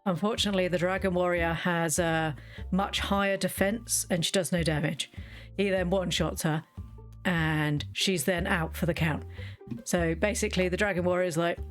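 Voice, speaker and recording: A woman's voice: on the low side, fairly even intonation, normal speed, soft background music. A woman chatting casually while streaming a game, rambling and self-interrupting with playful asides. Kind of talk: casual gameplay chat.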